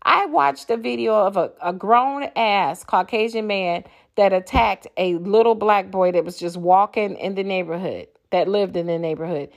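A woman's voice: medium pitch, normal speed, hardly any pauses. Woman ranting in blunt, profane anger. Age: older. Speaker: podcaster. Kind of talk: impassioned monologue.

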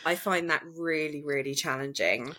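A woman's voice: low-pitched, moderate pace, bright, forceful tone. A British woman appearing as a podcast guest, chatting casually in a modest, self-deprecating way. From Britain.

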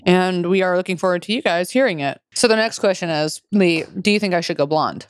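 A woman's voice: fairly low pitch, brisk, smooth, dry recording, clean studio sound. Blunt, sarcastic woman podcast co-host. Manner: blunt, sarcastic, swears a lot. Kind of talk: casual chat.

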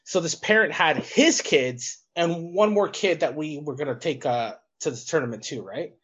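A man's voice: a little high, moderate pace, a bit bright, slightly rough. A man co-hosting a podcast, a wrestling coach telling a rambling story with restarts and swearing. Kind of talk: casual chat, telling an anecdote.

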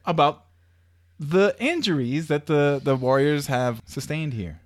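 A man's voice: a little high, expressive, measured pace, no echo, clean studio sound. A man co-hosting a casual podcast, laid-back and joking as he steers the talk from topic to topic. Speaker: podcast co-host.

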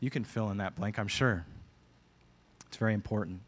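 A man's voice: lowish voice, normal speed. A man preaching a sermon as pastor, earnest and emphatic, often repeating phrases for weight.

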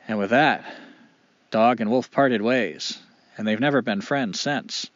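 A man telling a folk tale in an animated, expressive way with dramatic pauses. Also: mid-range voice, no echo, dull audio. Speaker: storyteller. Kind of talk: oral storytelling.

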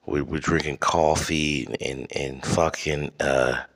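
A man hosting a podcast, delivering a rambling, profane comedic rant with halting restarts. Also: rumbling low, fairly even intonation, a bit bright. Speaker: podcast host.

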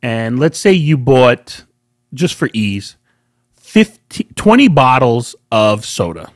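A man co-hosting a casual chat, telling stories in an animated, profane way. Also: mid-range voice, slow pace, no echo, clean studio sound. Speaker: podcast co-host.

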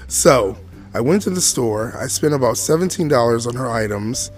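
A man in his forties tells his story in a chatty, digressive way, often turning aside to speak to the listener. His voice sits at an ordinary middle pitch. Faint music plays softly underneath. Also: animated, moderate pace. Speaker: podcast host. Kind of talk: storytelling monologue.

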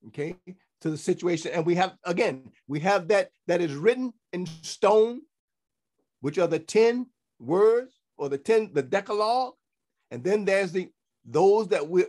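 A man with a somewhat high voice delivers a sermon. He reads scripture aloud and then explains it in plain teaching talk. He often restarts his phrases and checks in with his listeners. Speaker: teacher of a congregation.

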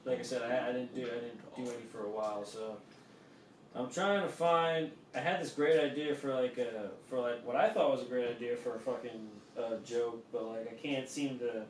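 A man's voice: medium pitch, normal speed, slight background noise. A man hosting a podcast in casual chat, loose and rambling, swearing freely. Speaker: podcast host. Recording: roomy, distant mic.

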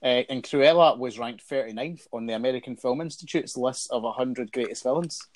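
A man's voice: mid-range voice, a little fast. A man hosting a podcast, chatting casually with friends, telling stories and laughing often. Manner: banterous, anecdotal, laughs often. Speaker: podcast host. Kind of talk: casual chat.

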